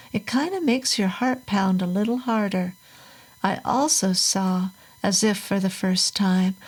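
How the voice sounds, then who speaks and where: A woman narrating a horror story in a measured storytelling manner. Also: medium pitch, darkish tone, rough recording.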